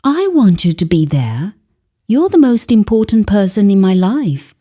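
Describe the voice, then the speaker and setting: A woman plays a grown son who is a successful businessman, coaxing his mother with gentle but insistent words in a storybook reading. The delivery is unhurried and melodic. The tone stays mellow. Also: medium pitch, sing-song. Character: persuasive adult son, polished businessman.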